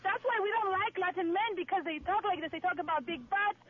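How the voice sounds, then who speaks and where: Fast, very high indignant woman caller. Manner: indignant, scolding. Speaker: radio caller. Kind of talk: phone call to a radio show. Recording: muffled phone audio with faint hiss.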